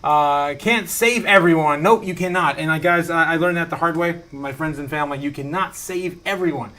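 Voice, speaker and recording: Man, live stream host, casual chat, home studio, laughs often, rambling fillers, fairly high voice. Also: moderate pace, pushed and bright.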